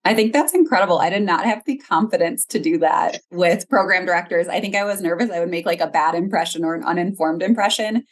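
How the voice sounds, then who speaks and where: Woman host with a lowish voice, asks careful encouraging questions. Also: fast, hardly any pauses. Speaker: genetic counselor, interview host. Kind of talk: interview hosting.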